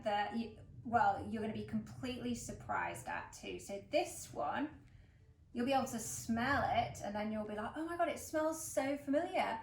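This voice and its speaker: A woman from England, hosting a casual flower-arranging demonstration in a chatty, upbeat way with plenty of fillers. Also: on the high side. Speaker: florist host. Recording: roomy echo, mic at a distance, faint background music.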